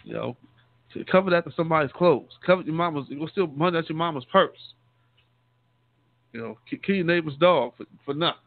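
A man's voice: on the high side, fairly quick, gravelly, no room sound. A man, a deacon, giving a conversational sermon, often repeating and restarting words and calling his listeners saints. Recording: tinny phone-line sound, dry.

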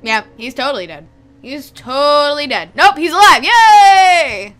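High, excitable young woman gamer. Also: a little slow. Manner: excitable, emotional, pleading with the game. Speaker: let's play gamer. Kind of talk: reacting to a video game. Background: faint game music.

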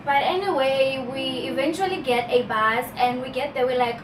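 A young South African woman telling a storytime vlog, animated and chatty, often calling out to her viewers. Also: high-pitched, moderate pace, hardly any pauses, background noise. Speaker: vlogger. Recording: roomy, distant from the mic.

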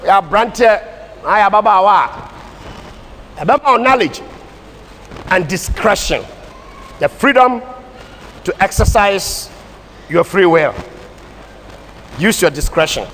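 Ghanaian man, Bible class teacher, emphatic code-switching preacher, high register, church hall reverb and faint room hiss. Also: animated, slow pace, pauses often, fairly bright tone. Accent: Ghanaian English. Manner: switches between English and Twi, emphatic preaching cadence. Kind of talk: sermon-style Bible teaching. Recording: distant hall reverb with faint ambient noise.

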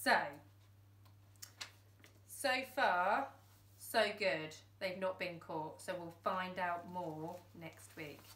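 Slow, higher-voiced teacher reading aloud in a roomy room. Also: female voice, fairly bright tone, recorded from a distance. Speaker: class teacher. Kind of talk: storybook read-aloud. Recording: roomy echo.

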